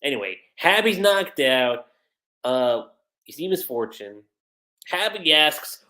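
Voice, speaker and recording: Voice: mid-range voice, sing-song, slow, pushed and bright, echoey room. Chatty manga reviewer on a livestream. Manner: chatty, laughs often, retells scenes. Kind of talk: casual livestream commentary.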